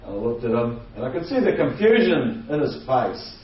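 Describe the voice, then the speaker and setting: A man telling a comic anecdote, acting out the people in it with a lively, chuckling delivery. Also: medium pitch, moderate pace. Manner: lively, acts out other voices, chuckling. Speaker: guest storyteller. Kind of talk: comedic anecdote. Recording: echoey, distant, dull sound.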